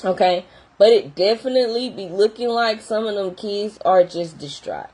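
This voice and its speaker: A woman's voice: mid-range voice, normal speed, a little mellow, rough recording. A young adult woman who works in behavior therapy, talking casually and animatedly straight to her viewers. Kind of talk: casual talk to camera.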